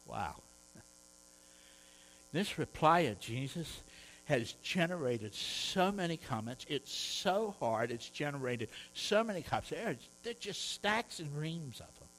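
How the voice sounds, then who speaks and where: A man delivering a sermon in a conversational, heartfelt way. His voice sits a little high and swings widely in pitch. He talks earnestly, often tripping over and repeating his words. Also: big pitch swings, measured pace, a bit bright, low-quality recording. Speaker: preacher.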